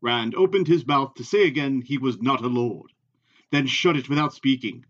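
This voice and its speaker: A man reading a novel aloud in a measured, even way. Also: mid-range voice, lo-fi sound. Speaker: reader.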